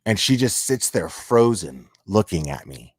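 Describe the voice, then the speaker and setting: A man's voice: lowish voice, very animated, unhurried, slightly rough, no room sound, clean studio sound. A man telling a crude personal story in a casual way, often laughing as he goes.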